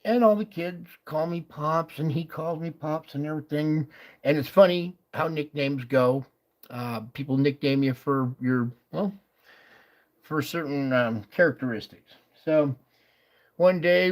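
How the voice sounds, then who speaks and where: Rambling man on a livestream. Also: fairly high pitch. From Nevada, USA. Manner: halting, lots of fillers and restarts. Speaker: livestream host. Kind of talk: rambling personal storytelling.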